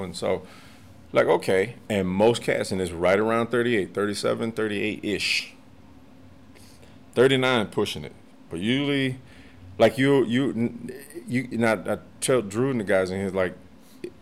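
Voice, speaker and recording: A man in his forties or older guests on a podcast as a martial arts master, telling stories in a casual, animated way, cursing freely and laughing often. His voice sits on the low side, with slight background noise.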